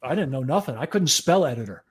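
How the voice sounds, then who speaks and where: A man's voice: mid-range voice, expressive, fast, slightly rough. A man in his sixties, a fire chief and editor, telling profane, jokey stories in casual podcast chat. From United States. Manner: profane, jokey anecdotes with acted quotes.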